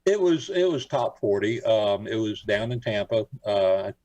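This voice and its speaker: A man's voice: fairly low pitch, animated, moderate pace, mellow, dry recording, rough recording. An older man from Florida, a radio show guest, telling stories in a rambling, folksy way with lots of fillers. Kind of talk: casual interview chat.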